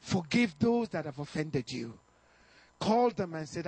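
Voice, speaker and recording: A male pastor preaching a fervent sermon to his congregation, exhorting them with bursts of shouting and chuckles. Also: fairly high pitch, sing-song, measured pace, breathy edge, dry recording. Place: church service.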